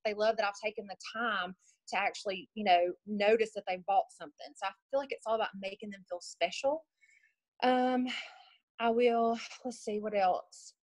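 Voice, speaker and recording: A woman's voice: medium pitch, fairly even intonation, moderate pace, dry recording, rough recording. A young woman, talking casually and unscripted on a video team call about selling nails. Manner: chatty and upbeat, with many fillers and restarts. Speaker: nail product seller sharing tips on a team call.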